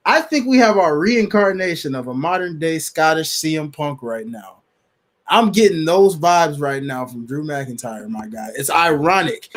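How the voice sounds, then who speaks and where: Animated slangy man, lively pitch. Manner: animated, slangy, quick to laugh. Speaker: podcast co-host. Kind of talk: casual chat.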